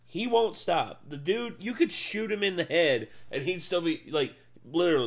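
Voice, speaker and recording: A man's voice: a little high, sing-song, moderate pace, hardly any pauses. A man casually reacting to video clips as a co-host, drawling and laid-back with casual swearing.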